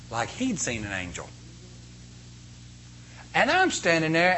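A man preaching a sermon to a congregation, telling a story with animated, emphatic delivery that swells to loud peaks. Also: a little high, a little slow, long pauses, background noise.

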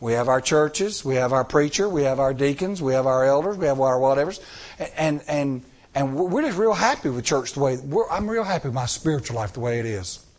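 Animated man preaching a sermon. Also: mid-range voice, fairly quick. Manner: animated storytelling, acts out dialogue, repeats phrases for emphasis. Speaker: church elder preaching.

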